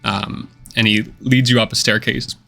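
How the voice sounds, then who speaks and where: Male game master, low gravelly voice, easygoing scene-setter for a tabletop session. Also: moderate pace, soft background music. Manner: relaxed, descriptive, many uh and kinda fillers.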